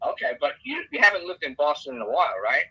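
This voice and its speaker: Middle-aged male guest, blunt and quizzing, raspy and sharp-toned. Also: fairly high pitch, wildly swooping pitch, fast talker, highs cut off. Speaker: podcast guest, political operative. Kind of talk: casual interview chat.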